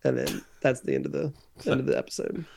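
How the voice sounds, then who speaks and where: A man co-hosting a podcast, casually recapping a sitcom episode with fillers and quick quoted lines. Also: mid-range voice, fairly even intonation, creaky, darkish tone, husky. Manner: recounts scenes with quick acted-out quotes, many fillers. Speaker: podcast co-host.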